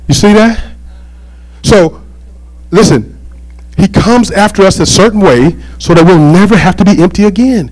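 A man preaching a sermon as pastor, animated and joking, with call-and-response asides to the congregation. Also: sits high, moderate pace, long pauses, rough recording.

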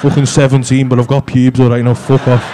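A man voicing a deep-voiced, touchy teenage lad who swears and swaggers. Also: level tone, fairly quick, a crowd in the background, close to an everyday voice. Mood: mock tough. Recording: noisy live club recording.

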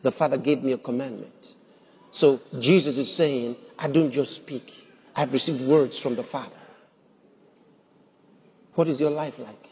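A man's voice: mid-range voice, steady tone, unhurried, long pauses, a little mellow, breathy edge. A man preaching a sermon as pastor, emphatic, putting rhetorical questions to his congregation. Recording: dull sound with long hall reverb.

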